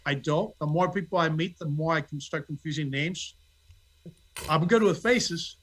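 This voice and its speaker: A man's voice: on the high side, moderate pace, a bit bright, husky, rough recording. A man, an actor guest on a podcast, talking casually and self-deprecatingly with little asides. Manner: self-deprecating, acts out quoted dialogue. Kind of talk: casual interview chat.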